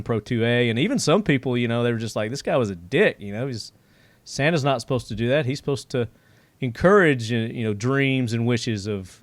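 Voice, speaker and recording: A middle-aged male podcast host tells a story in a rambling, casual way, with plenty of "uh" and "you know." His voice is smooth and resonant. The recording is dry and close. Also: mid-range voice, no room sound. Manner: rambling storyteller with many fillers.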